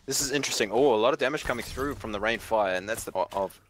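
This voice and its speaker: A man's voice: lowish voice, fast, few pauses. A man with a New Zealand accent doing play-by-play esports commentary, exclaiming at big plays.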